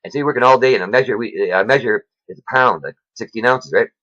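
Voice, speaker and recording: A man's voice: mid-range voice, quick pace, pushed and bright, no room sound. A man giving a rambling, informal religious monologue to his viewers, tagging his sentences with "man" and "right?". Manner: rambling, preachy, says "man" and "right?" a lot. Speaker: video preacher. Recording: dull lo-fi sound.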